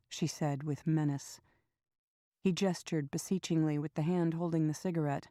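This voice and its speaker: In a deep voice, a woman narrates an audiobook with steady, measured pacing. The sound is dry and of studio quality.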